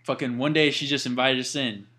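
A young man telling stories in a casual chat with friends, swearing constantly and animated. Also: mid-range voice, brisk. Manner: profane, animated storytelling with heavy swearing.

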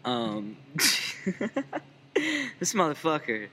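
Bright-voiced young man telling crude stories. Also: medium pitch, animated, very slow, a little hiss or hum. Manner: crude, laughing storyteller. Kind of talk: casual podcast chat.

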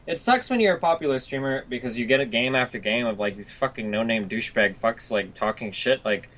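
A man's voice: mid-range voice, lively intonation, fairly quick, a bit bright, poor audio. A young adult man, a streamer, talking in a rambling, profane, filler-heavy rant in casual chat.

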